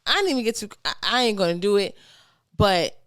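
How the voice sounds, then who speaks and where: A woman's voice: mid-range voice, lively intonation, a little fast, fairly bright tone, clean tone, no room sound, clean studio sound. A young woman co-hosting a podcast in casual chat, speaking frankly and emphatically. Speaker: podcast co-host.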